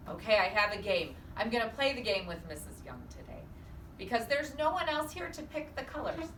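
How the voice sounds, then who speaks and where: A woman preschool teacher who talks in an animated, singsong, encouraging way, with a bright voice that leaps up and down. She is heard from a distance in an echoey room with faint hiss. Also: a little high, brisk. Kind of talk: storybook read-aloud and class game.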